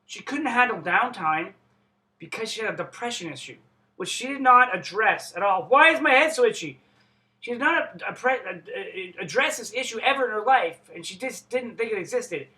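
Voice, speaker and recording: A man's voice: high voice, lively intonation, moderate pace, pushed and bright, poor audio. A man telling a personal story in a rambling, profane way, often breaking off and restarting. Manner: rambling, profane, self-interrupting. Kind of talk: casual storytelling monologue.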